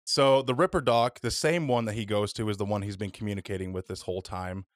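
A man's voice: on the low side, steady tone, fast talker, no echo, studio quality. A man hosting a podcast in casual chat, laid-back, swearing freely and using many fillers. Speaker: podcast host.

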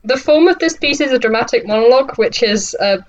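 A woman co-hosting a podcast in casual chat, making quick remarks and laughing between them. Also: on the high side, lively intonation, muffled recording. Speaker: podcast co-host reading her writing.

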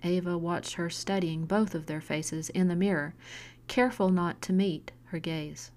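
Slow, quiet woman storyteller. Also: lowish voice, fairly even intonation. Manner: quiet, measured narration. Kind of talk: scripted narration.

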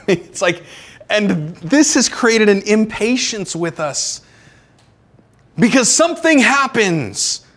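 A man preaching a sermon as pastor, animated, with acted-out quotes and sudden drops to a quiet tone. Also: high voice, slow pace, pauses often.

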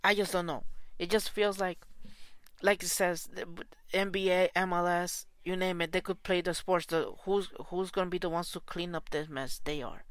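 A man's voice: sits high, little pitch movement, moderate pace, fairly bright tone, smooth, dry recording. A man who coaches soccer, delivering an angry, profane and repetitive spoken rant.

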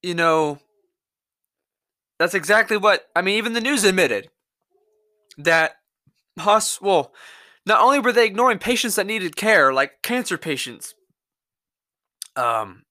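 A man's voice: sits high, animated, a little slow, long pauses, sharp tone, no room sound, clean studio sound. A man hosting his own podcast, delivering an angry, profane, rambling solo rant. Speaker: podcast host.

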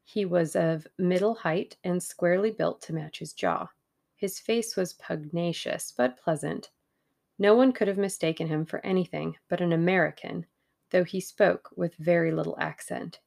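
A woman narrating a novel in a measured audiobook reading. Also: on the low side, gravelly, a little mellow.

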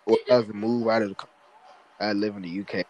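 A man's voice: fairly low pitch, fairly even intonation, fairly quick, a little mellow. A man co-hosting a podcast, telling stories in a laid-back, slangy, drawling way. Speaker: podcast co-host. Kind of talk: casual chat.

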